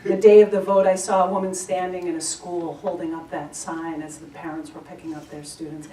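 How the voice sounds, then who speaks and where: Woman service leader, low-ish voice, earnest personal sharing, roomy and distant mic. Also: flat delivery, a little fast, dark tone. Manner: earnest storytelling, heartfelt. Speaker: service leader giving announcements. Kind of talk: personal sharing at a spiritual gathering. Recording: echoey room, from far off, faint noise.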